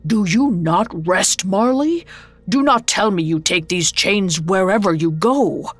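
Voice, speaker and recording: A woman's voice: medium pitch, expressive, unhurried, dry recording, faint music behind. A woman voicing a miserly old businessman who scoffs at the supernatural and defends his business ways. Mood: horrified.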